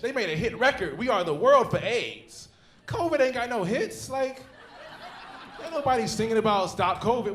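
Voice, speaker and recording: Male stand-up in his thirties, profane and animated, live in a roomy club. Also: sits high. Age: 30s. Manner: profane, animated storytelling with laughs. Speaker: stand-up comedian. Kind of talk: stand-up comedy set. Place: comedy club theater stage.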